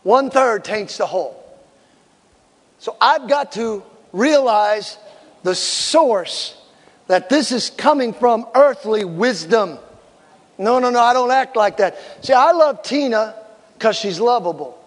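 Middle-aged pastor guy preaching, high voice, lively, acts out voices, echoey hall. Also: takes it slowly. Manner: animated preaching, acting out voices in stories. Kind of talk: sermon.

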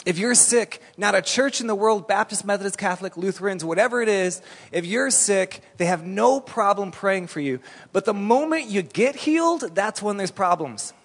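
A man's voice: high voice, expressive, moderate pace, husky. A man preaching a sermon, telling a story animatedly in a casual, colloquial way. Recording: long reverb in a large hall.

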